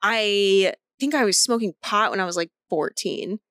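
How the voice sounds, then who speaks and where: A woman in her thirties co-hosting a podcast, telling stories in a lively way, swearing freely and laughing often. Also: mid-range voice, normal speed, no echo, studio quality. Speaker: podcast co-host. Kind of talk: casual chat.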